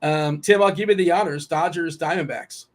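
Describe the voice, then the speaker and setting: A man's voice: a little high, normal speed. A man hosting a casual sports betting chat, teasing his co-hosts and rattling off team lineups. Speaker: host.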